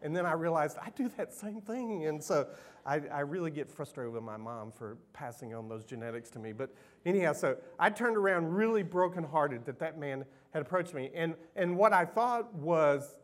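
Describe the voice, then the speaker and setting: A man's voice: a little high, normal speed. A middle-aged man, preaching a sermon as pastor in an emotional, conversational storytelling way.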